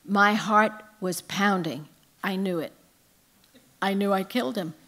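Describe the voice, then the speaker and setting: An older woman tells humorous stories from her life with lively, anecdotal timing. She speaks as a guest author at a live book event. Her voice sits at an ordinary middle pitch. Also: measured pace. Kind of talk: storytelling on stage.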